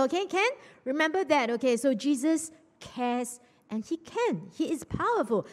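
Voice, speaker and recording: A woman pastor talks to her congregation in a chatty, questioning way. Her fairly high voice leaps up and down with lively energy. A long church-hall reverb trails after her words. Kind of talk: lively sermon with audience interaction.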